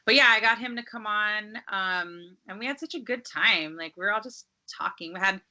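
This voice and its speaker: A woman from Los Angeles, a DJ, chatting casually as a podcast guest in a relaxed, rambling way full of "like" and "um.". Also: mid-range voice, normal speed. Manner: relaxed, rambling, heavy use of "like" and "um".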